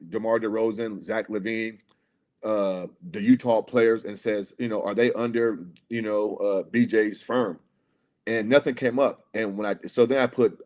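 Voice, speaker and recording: A male podcast co-host rambles through a long tale on a casual livestream, swearing frequently and calling the listener "bro," with "right?" cropping up again and again. His pitch is fairly low and his tone darkish.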